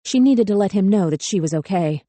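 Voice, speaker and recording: Measured, grave woman narrator with a darker tone, dry close studio sound. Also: medium pitch, animated, mellow, no echo. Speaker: audiobook narrator. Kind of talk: scripted narration.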